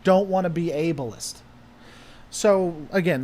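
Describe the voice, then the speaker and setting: A man's voice: high voice, lively intonation, moderate pace. A man hosting a casual livestream chat, rambling and heavily sarcastic as he answers viewers. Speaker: host.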